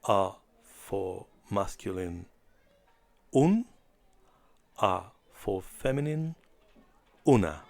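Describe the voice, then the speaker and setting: A man teaching a beginner language lesson in a deliberate, clearly enunciated scripted style. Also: sits low, animated.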